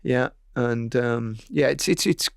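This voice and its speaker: A man hosting a casual chat, telling stories in a relaxed way and laughing easily. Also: medium pitch, takes it slowly, creaky, no room sound, clean studio sound. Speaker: podcast host.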